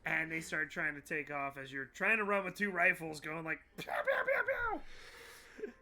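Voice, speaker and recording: A young man running a tabletop game as game master, animated, voicing characters and making sound effects. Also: on the high side, fairly quick.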